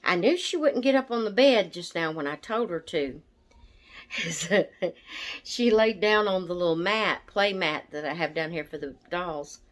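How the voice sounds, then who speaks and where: Woman, out of breath, unhurried, rambling casual chat. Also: fairly low pitch. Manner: slow, chatty, easily distracted. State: out of breath from asthma. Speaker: doll channel vlogger.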